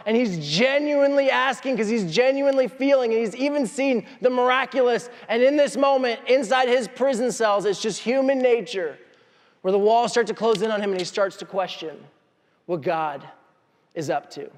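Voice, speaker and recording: Man, pastor, lively sermon, high voice, echoing church hall. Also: a little fast. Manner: animated storytelling, acting out voices.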